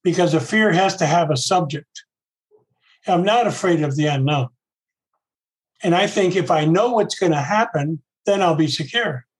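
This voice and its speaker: Higher-voiced man giving a casual talk. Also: animated, moderate pace, low-quality recording. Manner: conversational, repeats himself, voices inner thoughts. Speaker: recovery program speaker.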